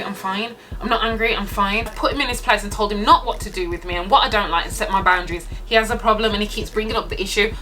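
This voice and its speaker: A woman's voice: mid-range voice, bright, forceful tone. A young woman telling a dating story on her vlog, sassy and exasperated as she recounts it. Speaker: vlogger.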